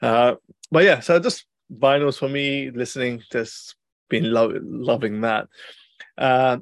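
A man's voice: mid-range voice, takes it slowly, no echo. Rambling young man, dry sound. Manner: rambling, animated storytelling with many fillers and restarts. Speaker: podcast host. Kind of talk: casual chat.

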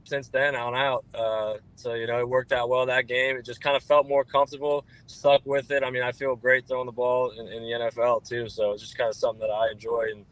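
Fast-talking young man, flat delivery. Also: mid-range voice, rough recording. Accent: New Jersey. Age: 20s. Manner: relaxed, repeats filler words. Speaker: guest quarterback. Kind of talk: interview answers.

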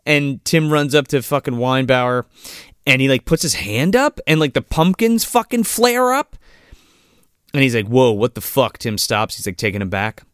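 A man's voice: medium pitch, big pitch swings, moderate pace, fairly bright tone, clear, resonant tone, dry recording, clean studio sound. A man co-hosting a film podcast, retelling scenes in a rambling, profane, casual way with lots of fillers.

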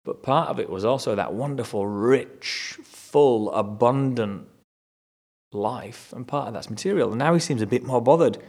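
A man's voice: mid-range voice, moderate pace, a little mellow. A man teaching through a Bible chapter, reading verses aloud and explaining them in a conversational way. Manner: conversational, rereads verses with rising emphasis.

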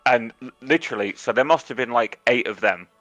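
An English man co-hosting a podcast, telling stories in a lively, swearing, casual chat. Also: mid-range voice, fairly quick, no echo. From England. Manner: animated storytelling, heavy swearing. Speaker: podcast co-host. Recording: dull, dry lo-fi mic with faint music.

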